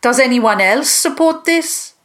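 A woman's voice: high-pitched, lively intonation, a little slow, a bit bright, voice pushed up. A woman voicing a shape-shifting female monster leader who speaks formally and commandingly, in a children's storybook reading.

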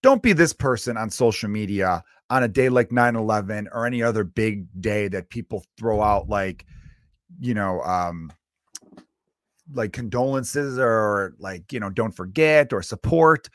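This podcast host works alone, his exasperated rant loose, rambling, profane and packed with fillers. He speaks a little slowly in a lowish, fairly bright voice, recorded at studio quality without echo.

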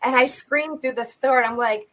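Animated woman telling a faith story. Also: normal speed. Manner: animated, acts out the dialogue with big jumps in pitch and loudness; loose and conversational, with many fillers. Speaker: guest.

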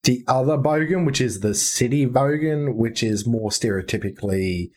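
This is a laid-back Australian man with a broad country accent, talking easily as a guest on a podcast, full of slang and repeated "yeah"s. His voice sits in a middle range and sounds somewhat husky. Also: mid-range voice, moderate pace, a little mellow. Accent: rural Australian. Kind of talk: casual chat.

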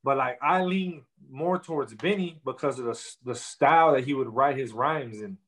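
Young man, rapper, casual interview, slang-heavy rambling, mid-pitched voice. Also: normal speed, rough recording. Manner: loose slang-heavy street talk, many fillers.

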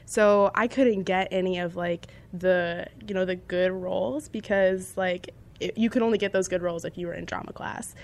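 A woman's voice: fairly low pitch, moderate pace, hardly any pauses. A young woman chatting casually about her creative background and telling stories with lots of energy. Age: young adult. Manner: chatty, animated storytelling with frequent laughs. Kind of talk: casual chat.

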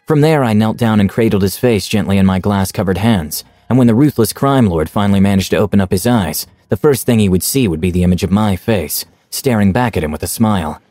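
Low-voiced man recounting a tabletop game. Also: animated, warm tone, no echo. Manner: measured, dramatic storytelling. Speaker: tabletop campaign storyteller. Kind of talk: first-person game recap narration.

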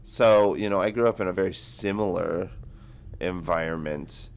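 A man in his twenties co-hosts a book podcast, chatting casually and rambling with lots of filler words, especially "like." He has a deep voice, normal speed, and a clean tone.

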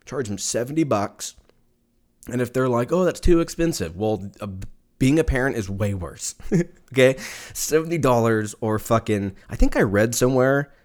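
A man hosting a casual solo podcast, talking in a loose, rambling way. He swears freely, laughs at his own jokes and drifts from one thought to the next. His voice sits at an ordinary middle pitch. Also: moderate pace. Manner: rambling, profane, laughs often. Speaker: podcast host. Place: lives in Texas.

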